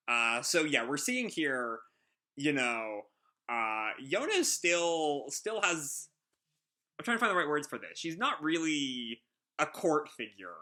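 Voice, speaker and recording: Bright, lively man thinking aloud. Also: fairly high pitch, slow pace. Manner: casual, hesitant, lots of fillers and restarts, thinking aloud. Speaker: manga reaction host. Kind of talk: live reading reaction.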